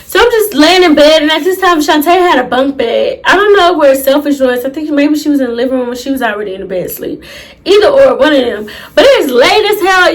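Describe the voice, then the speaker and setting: Young woman, high voice; casual, dramatic storyteller who talks straight to viewers. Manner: animated, profane, dramatic retelling with asides to viewers. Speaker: storytime YouTuber.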